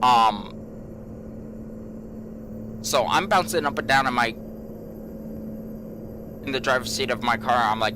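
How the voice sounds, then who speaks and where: Guy rambling through a story for his channel, slow and draggy, lots of you know, noisy background hiss. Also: mid-range voice. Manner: rambling, repeats himself, many fillers. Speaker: gaming channel host. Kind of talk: casual storytelling vlog.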